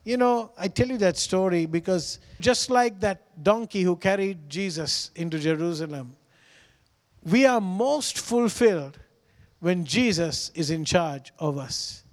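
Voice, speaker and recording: A man's voice: high voice, animated, a little slow, in a large hall. A man preaching a sermon as pastor, earnest and pleading, repeating phrases for emphasis.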